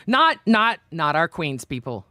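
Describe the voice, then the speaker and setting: A woman's voice: deep voice, sing-song, unhurried, bright, forceful tone, no echo. A woman co-hosting a reaction livestream, ranting in an indignant, profane way. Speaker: livestream co-host. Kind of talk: heated reaction livestream rant.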